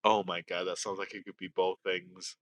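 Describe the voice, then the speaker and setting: A man co-hosting a casual podcast, talking in an animated, excitable way with swearing and quick asides. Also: low voice. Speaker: podcast co-host.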